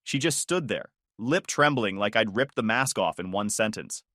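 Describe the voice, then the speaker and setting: A man's voice: fairly low pitch, lively intonation, moderate pace, pushed and bright, no echo, clean studio sound. A man narrating a first-person story in a smug, cutting manner.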